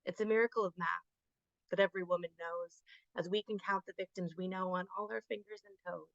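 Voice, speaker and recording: A woman reading her spoken word poetry at an online open mic, with a rhythmic, rhyming delivery and deliberate pauses. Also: fairly low pitch, steady tone, gravelly, no room sound, dull audio.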